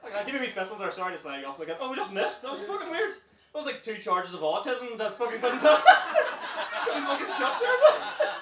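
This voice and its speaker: A high-voiced Northern Irish man works the crowd as a comedy club MC, brash and teasing, swearing freely. He is recorded from a distance in a roomy, echoing club. A loud audience laughs and cheers around him. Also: wildly swooping pitch, a little fast. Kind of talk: stand-up crowd work. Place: comedy club stage, indoors.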